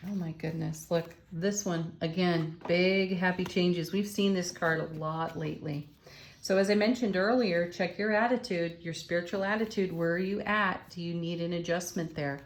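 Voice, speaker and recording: A woman's voice: lowish voice, moderate pace, a little hiss or hum. A woman giving a spiritual tarot reading, enthusiastic and affirming as she exclaims over the cards. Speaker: tarot reader.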